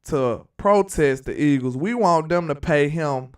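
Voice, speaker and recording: A man co-hosting a casual sports talk show, playful and animated, often laughing as he rants. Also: fairly high pitch, measured pace, clean tone, distant mic.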